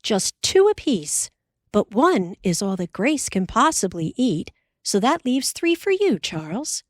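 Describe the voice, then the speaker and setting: A woman voicing a calm, practical pioneer mother. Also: medium pitch, a little slow, no room sound, clean studio sound, voice pushed up. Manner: calm and reassuring.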